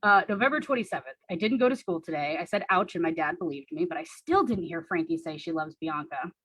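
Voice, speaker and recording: A young woman with a husky, slightly breathy voice reads from her teenage diary in an earnest, deadpan way. She drops in wry asides about her younger self. The sound is dry and close. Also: fairly low pitch, fast talker, no room sound, poor audio. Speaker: storyteller reading her teenage diary on stage. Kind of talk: comic reading of childhood diary.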